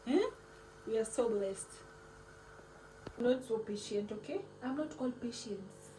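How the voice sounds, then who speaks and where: A woman hosts a casual cooking vlog. She talks in a chatty, playful way with a fairly high voice and slips words into her English. The recording is roomy and picks her up from across the kitchen, with clear background noise. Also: unhurried, long pauses, warm tone. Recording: echoey room, mic at a distance, background noise.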